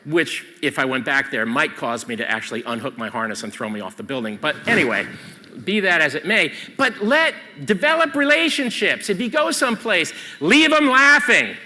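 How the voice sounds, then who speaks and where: A man's voice: on the high side, animated, brisk, pushed and bright, long reverb tail. Punchy, emphatic man on a stage. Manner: emphatic, punchy, keeps asking "okay?". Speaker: photographer giving a stage seminar. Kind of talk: animated stage talk. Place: convention stage hall.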